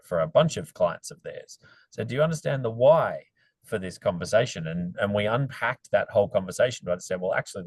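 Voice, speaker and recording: A man speaking as a panelist in an online discussion, telling stories in an animated, emphatic way on a video call. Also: low voice, no echo, rough recording.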